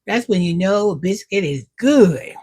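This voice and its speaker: A woman's voice: mid-range voice, lively intonation, a little slow, darkish tone, husky. A middle-aged woman hosting her own cooking vlog, chatting with viewers while she tastes her food. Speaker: cooking vlogger. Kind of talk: casual cooking vlog chat.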